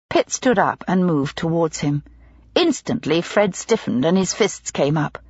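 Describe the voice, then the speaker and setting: A woman narrating a mystery audiobook in a measured, expressive storytelling manner. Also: on the low side, husky, no echo, dull audio. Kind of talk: scripted narration.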